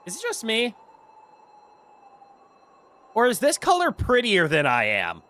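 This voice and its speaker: A man's voice: sits high, huge pitch swings, pushed and bright. A man streaming a video game, chatting casually and playfully with his viewers. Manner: goofy, playful, quick laughs. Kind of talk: casual gameplay commentary.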